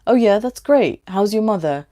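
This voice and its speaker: Woman reading as a gentle caring father. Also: medium pitch, lively intonation, moderate pace, voice pushed up, lightly acted.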